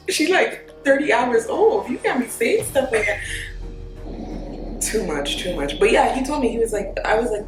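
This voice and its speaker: A woman's voice: a little high, fairly quick, distant mic. A young woman chatting casually about motherhood, telling stories with lots of laughter and slangy asides. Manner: animated storyteller, laughs often. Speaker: host. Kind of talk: casual chat. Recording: roomy sound with music behind.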